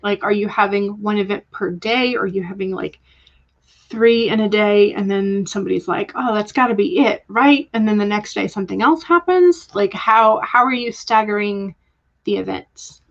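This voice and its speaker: A woman's voice: mid-range voice, normal speed. Young Southern woman, casual stream host, friendly chatter, muffled lo-fi audio. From Georgia, US. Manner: chatty, greets viewers by name, laughs often. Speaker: livestream host. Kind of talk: casual livestream chat.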